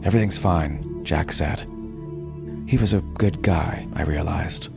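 A man reading a first-person story aloud in a measured, deliberate way. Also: rumbling low, creaky. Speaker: story narrator. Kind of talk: scripted first-person narration. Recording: music behind the voice.

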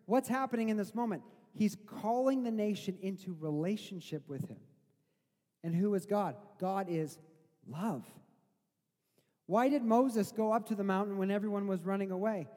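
A man with a notably high voice delivers a sermon. He talks in a loose, conversational way, then slows down and builds to loud, emphatic lines. His voice rings out with a long reverb from the hall. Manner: conversational preaching that swells to loud, slow emphatic quotes. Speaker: preacher.

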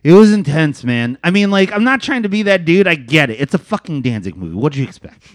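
Man co-host, casual chat, swings his pitch wide, dry close sound. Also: quick pace, dry recording. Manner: animated storytelling with big pitch swings; swears freely, says "man" and "dude". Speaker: podcast co-host.

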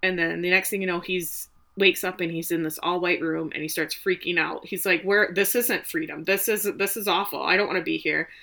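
A woman co-hosting a casual chat, retelling a film's story in an animated, emotional way. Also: fairly low pitch, fairly quick, creaky, few pauses. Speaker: podcast co-host recapping a film.

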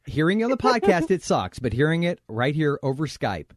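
A man's voice: fairly high pitch, sing-song, moderate pace, dry recording, studio quality. A man hosting a podcast in casual chat, joking and rambling with frequent laughs. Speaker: podcast host.

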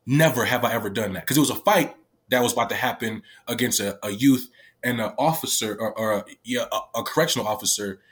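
A man's voice: mid-range voice, fast talker, a bit bright. A man telling a personal story to camera, tearful, rambling with lots of fillers and frequent swearing. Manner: rambling, peppered with "like" and "right?", swears freely. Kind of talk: casual emotional storytelling to camera.

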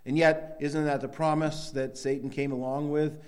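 A man's voice: a little high, little pitch movement, moderate pace, darkish tone. A middle-aged man preaching a sermon in a loose, conversational way, with many restarts and sudden emphatic bursts. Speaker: pastor.

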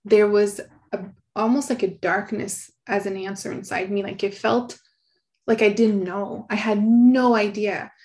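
A middle-aged woman, an author being interviewed, speaking in an earnest, soft, reflective way and laughing often. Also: mid-range voice, fairly even intonation, a little slow. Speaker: guest, author.

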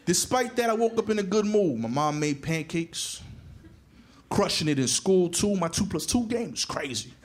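Profane New stand-up storyteller. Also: male voice, high voice, normal speed. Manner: animated, profane, punchy delivery. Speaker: stand-up comedian.

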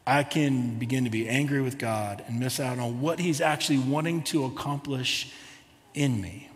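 In a large hall, a male pastor with a medium-pitched, fairly bright voice delivers a sermon conversationally, posing questions to the congregation.

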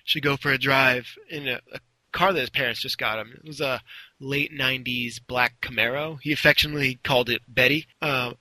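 Guy telling a story, really bright voice, dry close sound, kinda rambly. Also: medium pitch, steady tone, brisk, no room sound, poor audio. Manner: rambling, with restarts and acted-out quotes. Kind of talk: casual storytelling.

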